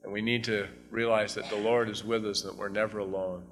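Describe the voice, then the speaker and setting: A man's voice: on the low side, little pitch movement, fairly quick, a bit bright, big-room sound, soft background music. A man preaching an evening sermon as pastor, talking conversationally and swelling into fervent scripture reading.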